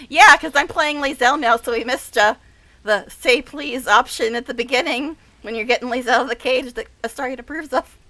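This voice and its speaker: Bright, gushing woman gaming commentary. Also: high-pitched, a little fast, no room sound. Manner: gushing, dramatic and exasperated, laughing often. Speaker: game streamer. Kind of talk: casual gameplay commentary.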